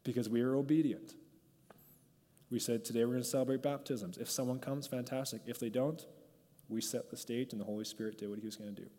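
A male pastor gives an informal, conversational sermon and leads a prayer, going off script and scattering "like" throughout. His mid-range voice is mellow and steady, brisk in pace, with long hall reverb around it.

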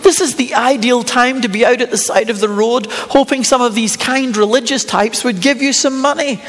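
A middle-aged man, preaching a sermon in a conversational, storytelling way and asking rhetorical questions with a touch of humour. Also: extremely high pitch. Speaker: pastor. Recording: long hall reverb.

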